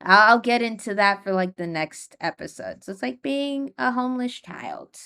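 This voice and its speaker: A woman's voice: a little high, expressive, normal speed, vocal fry, sharp tone, clear, resonant tone. Rambling young woman, laughing often. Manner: rambling, many "like" fillers, nervous laughter. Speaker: podcast host. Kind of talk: casual solo podcast talk.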